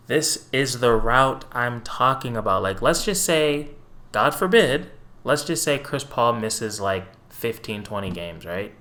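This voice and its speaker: A young man with a bright, forward voice runs his own casual basketball fan channel. He rants in an animated, profane way, throwing in petty, sarcastic asides as he breaks down the game. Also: mid-range voice.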